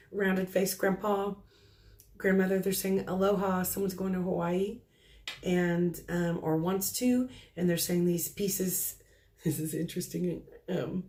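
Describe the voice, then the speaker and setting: A woman psychic medium relaying spirit messages off the cuff, halting and full of ums. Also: medium pitch, creaky, darkish tone.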